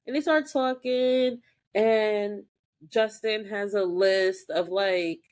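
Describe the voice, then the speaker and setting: A woman co-hosting a podcast, chatting casually as she recaps a TV episode and acts out the characters' lines in quick voices. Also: mid-range voice, steady tone, a little mellow. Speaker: podcast co-host.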